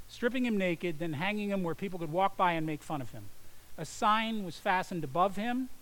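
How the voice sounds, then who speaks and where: A man delivering a sermon in a high, light voice. He moves between quiet, weighty pauses and sudden forceful rises as he recites scripture and asks questions to the congregation. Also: poor audio. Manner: dramatic, quoting scripture with swings between hushed and loud. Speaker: pastor.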